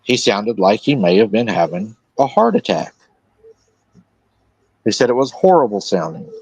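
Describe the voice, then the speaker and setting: A man hosting a live stream in a relaxed way, retelling a witness's account and quoting his words. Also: lowish voice, normal speed, gravelly, husky, no echo, dull audio. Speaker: host.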